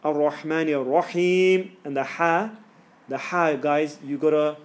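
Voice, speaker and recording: A man's voice: on the high side, steady tone, measured pace. A man teaching Quran recitation to a class, casually, with slang, repeating each letter sound to demonstrate it. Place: classroom with students.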